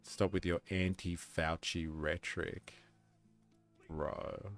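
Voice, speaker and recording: Low gravelly Australian guy. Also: flat delivery, takes it slowly, a bit bright, faint music behind. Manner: rambling, reads chat aloud. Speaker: live streamer. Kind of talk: casual stream chat.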